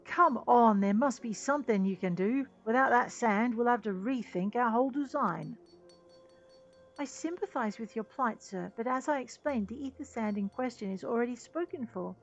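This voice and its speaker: A woman voicing a gruff, eager male airship engineer in a game, speaking in a hearty, blustering manner. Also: on the high side, moderate pace, highs cut off, voice pushed up, lightly acted. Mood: pleading.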